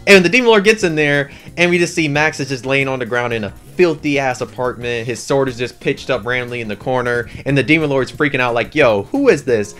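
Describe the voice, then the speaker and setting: A man giving a casual anime review with a slangy, excitable, rambling way of telling the story. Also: mid-range voice, fast, few pauses, soft background music.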